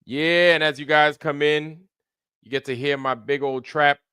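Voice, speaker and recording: A man's voice: on the high side, fairly even intonation, measured pace, sharp tone, clean tone, no echo, clean studio sound. A man hosting a casual live stream, loose and slangy, greeting viewers by name in a running roll call. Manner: greets viewers by name one after another. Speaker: livestream host.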